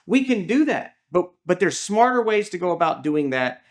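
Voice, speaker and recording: This is a man, speaking as a lawyer in casual conversation. His voice sits a little high, and he tells stories in a rambling way, peppered with fillers and restarts. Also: very animated, normal speed. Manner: chatty, storytelling, many fillers and restarts. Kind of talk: casual legal discussion.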